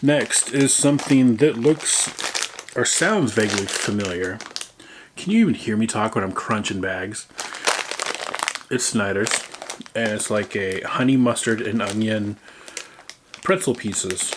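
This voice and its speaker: A man's voice: on the low side, noisy background. A man casually chatting through a snack taste-test vlog, playful and muttering while he chews. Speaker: vlogger. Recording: crinkling snack bags close by.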